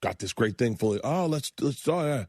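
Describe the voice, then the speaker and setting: A man in his fifties, a comedian telling animated stories on a radio show and acting out the other people in them. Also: mid-range voice, brisk, no echo, studio quality. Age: 50s. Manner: animated storyteller, acts out voices and laughs a lot. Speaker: guest comedian. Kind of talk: storytelling in casual chat. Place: radio studio.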